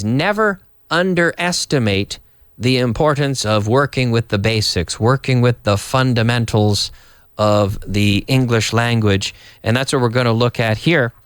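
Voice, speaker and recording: A man's voice: medium pitch, fairly bright tone, clear, resonant tone, no room sound, clean studio sound. A middle-aged man from Canada teaching English to Spanish speakers, acting out example sentences with big, exaggerated question intonation.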